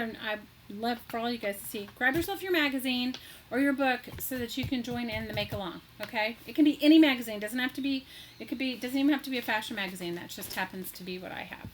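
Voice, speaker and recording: A woman's voice: a little high, slight background noise, poor audio. A woman hosting a casual live crafting stream, chatty and greeting viewers by name, gushing with delight. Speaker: craft livestream host.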